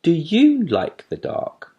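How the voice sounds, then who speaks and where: A small, fluffy baby barn owl as a man reads him aloud, piping and high, quick to turn indignant. He trips over long words and stammers when puzzled, with a slow, lively storybook lilt. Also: muffled recording, heavily acted. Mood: curious. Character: timid fluffy baby barn owl boy, easily cross.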